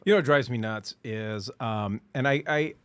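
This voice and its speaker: A man's voice: medium pitch, normal speed, smooth, no echo. A man co-hosting a casual podcast discussion who rants with animation and mocks people with made-up voices. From Arizona, United States. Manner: animated ranting, mocking voices. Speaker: podcast co-host.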